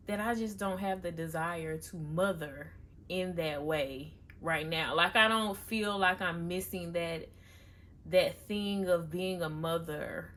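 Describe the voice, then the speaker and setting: A woman's voice: lowish voice, a bit bright. A young woman talking candidly and confessionally in a casual personal vlog, chatting to her viewers. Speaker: vlogger.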